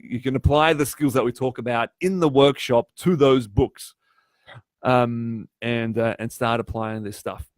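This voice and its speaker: A man tutoring on a live stream, voice in the middle range for a man. He talks in an animated way, slips into quoted voices and restarts his sentences often. The sound is close and dry, with no room echo. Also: medium pitch. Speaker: test prep tutor.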